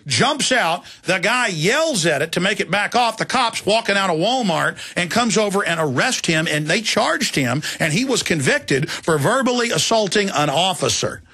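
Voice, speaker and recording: A man's voice: sits high, animated, moderate pace, few pauses, bright, forceful tone, breathy edge. A middle-aged man hosting a talk radio show, telling rambling, digressive stories in a heated, indignant way.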